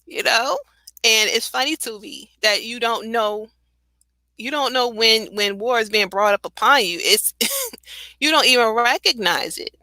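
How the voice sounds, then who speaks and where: A woman speaks on a talk radio show. She is impassioned and conversational, laughing now and then and filling gaps with "you know" and "um." Her voice is bright and forceful, and it sounds dry and close. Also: fairly high pitch, unhurried, no echo, poor audio. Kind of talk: casual radio commentary.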